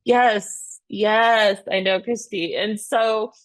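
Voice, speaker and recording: A woman in her thirties, a podcast guest telling her story with earnest, animated energy. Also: mid-range voice, drawn-out words. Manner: earnest, animated retelling with many "you know" and "right?". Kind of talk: conversational interview storytelling.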